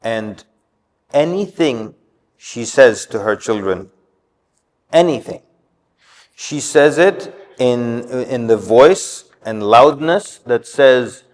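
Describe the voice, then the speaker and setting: A man's voice: a little high, expressive, a little slow. A man giving an informal religious talk on parenting, telling stories and acting out what people said. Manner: storytelling, acts out quotes. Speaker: community speaker. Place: mosque hall. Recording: long hall reverb.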